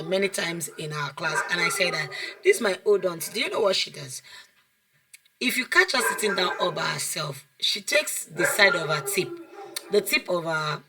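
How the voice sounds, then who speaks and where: A woman, a child development coach giving an online class lecture over a video call, animated, asking the class questions and repeating phrases for emphasis. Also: fairly low pitch.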